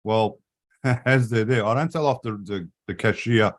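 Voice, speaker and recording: A man with a fairly low voice chats casually. He slips into mouthy rants that are full of curse words. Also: moderate pace. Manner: mouthy, profane ranting. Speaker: live stream host. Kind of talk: casual chat.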